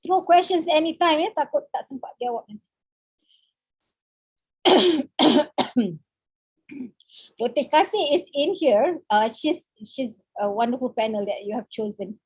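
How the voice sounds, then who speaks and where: Delivering a counseling seminar lecture via video call, this woman speaks Malaysian-accented English in a halting way, with lots of fillers and occasional Malay words. Her voice sits high, is expressive with a darkish tone, and there's no room sound.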